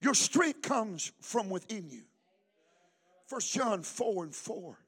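A man's voice: high voice, very animated, slow, fairly bright tone, breathy edge. A man preaching a sermon as pastor at a church service, fervent and emphatic, urging the congregation to repeat after him. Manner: fervent, emphatic preaching with call-and-response prompts.

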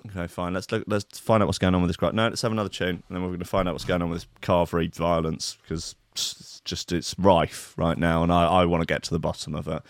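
Sarcastic man with a low dry voice. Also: flat delivery, fast talker, hardly any pauses, no room sound. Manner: sarcastic, incredulous asides between reading. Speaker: stream host. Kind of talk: commentary on a news story.

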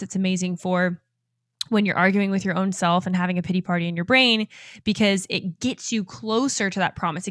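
A woman in her twenties hosting a motivational podcast, energetic and enthusiastic and quick to laugh. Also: medium pitch, no echo, studio quality. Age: 20s. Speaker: podcast host and life coach. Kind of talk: upbeat motivational podcast talk.

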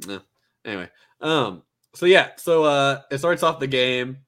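A man talking casually on a podcast, walking a friend through an anime story with plenty of "like" and "uh". He stumbles, restarts and corrects himself as he goes, at an ordinary mid pitch. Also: animated, a little slow, fairly bright tone, clear, resonant tone. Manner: rambling retelling, filler-heavy, many restarts. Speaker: podcast co-host. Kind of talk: casual anime recap chat.

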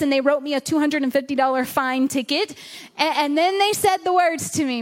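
A woman's voice: high-pitched, a little fast. A woman pastor preaching a sermon to a congregation, telling a personal story and repeating phrases for emphasis. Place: church in front of a congregation.

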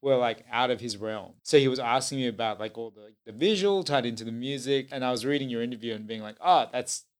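A man's voice: medium pitch, quick pace, few pauses. A man hosting a podcast, rambling in casual chat with many fillers. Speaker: podcast host.

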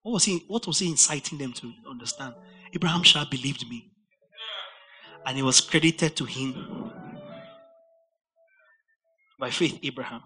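Animated bright-voiced preacher man. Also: medium pitch, normal speed, long pauses, faint music behind. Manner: animated, rising to shouts on emphasis. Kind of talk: sermon Bible study.

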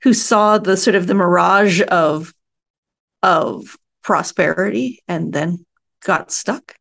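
Gravelly-voiced woman interviewer. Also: fairly low pitch, fairly bright tone. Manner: thoughtful, measured questions with hesitations. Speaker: podcast host, interviewer. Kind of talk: conversational interview.

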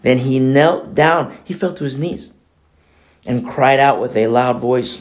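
A pastor giving a conversational sermon, animated and emphatic, at times dropping to a hushed near-whisper. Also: male voice, mid-range voice, measured pace.

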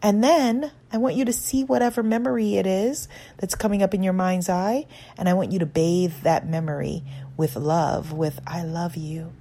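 A woman's voice: medium pitch, normal speed, warm tone. A woman self-help author giving an earnest, encouraging guided talk on self-acceptance.

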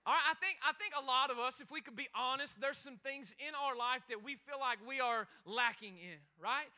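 A man preaching a lively interactive sermon, calling out to the congregation and talking quickly and chattily. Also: very high voice, smooth. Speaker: pastor. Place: church sanctuary.

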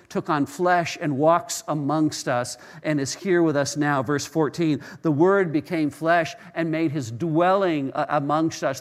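A middle-aged male pastor preaching a sermon, telling stories with many restarts and repeated words. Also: fairly high pitch.

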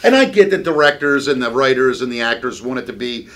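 A man's voice: mid-range voice, animated, fast, fairly bright tone. A man co-hosting a comedy podcast, talking in blunt, profane, opinionated casual chat. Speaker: podcast co-host.

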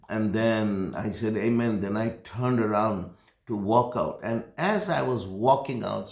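A pastor telling a personal story in a sermon, earnest and rambling, building in intensity. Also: male voice, on the low side, gravelly, reverberant.

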